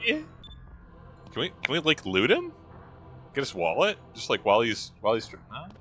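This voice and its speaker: Guy doing sardonic lets play commentary, bright and lively, jokey. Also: mid-range voice, moderate pace, soft background music. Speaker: let's-play host. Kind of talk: casual gameplay commentary.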